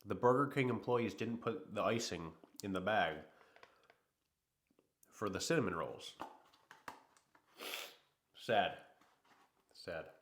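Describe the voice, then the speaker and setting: A man with a low voice, hosting a casual livestream while a little under the weather. He rambles in an easygoing way and talks straight to his chat. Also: slow, long pauses. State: sick. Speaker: livestream host.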